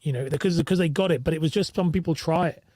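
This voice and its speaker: A man's voice: a little high, very fast, warm tone, dry recording. A man with a British accent, a mortgage broker, chatting casually and telling a rambling, candid story with restarts and the odd swear word. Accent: British English. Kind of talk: casual podcast chat.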